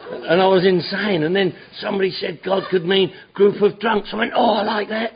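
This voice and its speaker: A middle-aged man giving an animated personal talk at a recovery meeting, acting out his old self in his stories. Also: high voice, normal speed, crowd noise. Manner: animated storytelling, acts out his own past shouting. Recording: dull lo-fi recording.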